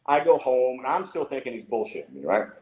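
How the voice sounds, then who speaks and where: A man's voice: brisk, highs cut off. A middle-aged man telling stories on a podcast in a loose, swearing way, acting out what others said. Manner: animated, swears freely, acts out quotes in a higher voice. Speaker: podcast guest. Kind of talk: casual storytelling. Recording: roomy echo.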